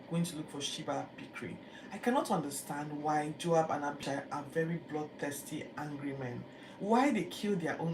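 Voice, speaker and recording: A Bible teacher, retelling scripture in a lively, chatty way with acted-out quotes. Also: mid-range voice. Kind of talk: casual Bible-reading commentary. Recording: echoey room, distant mic, background noise.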